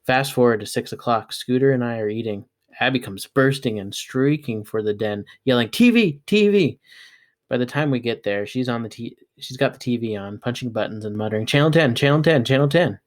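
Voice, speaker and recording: A man reading a children's novel aloud in a plain, steady storytelling manner. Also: medium pitch, brisk. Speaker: reader.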